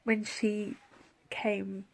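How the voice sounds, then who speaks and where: Soft-spoken woman with a gravelly edge. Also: mid-range voice, little pitch movement, drawn-out words. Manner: soft-spoken, often drops to a whisper; heartfelt, tender. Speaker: vlogger. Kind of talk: personal vlog, reflective storytelling.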